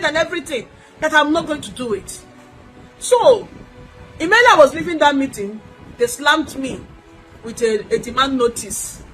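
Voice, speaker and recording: A woman's voice: sits high, fairly bright tone, low-quality recording. A woman with a Nigerian accent giving an emotional first-person account to the public, emphatic, repeating her points and acting out what others said. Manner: emphatic, repeats lines, acts out quoted speech. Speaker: businesswoman telling her story.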